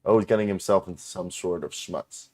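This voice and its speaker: A man's voice: sits low, brisk, a little mellow. A man co-hosting a basketball podcast in casual chat, teasing and joking. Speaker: podcast co-host.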